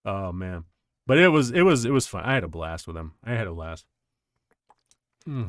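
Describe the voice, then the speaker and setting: Lively, animated male streamer. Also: lowish voice, normal speed. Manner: animated, rambling storyteller who laughs often. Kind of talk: casual chat while livestreaming a game.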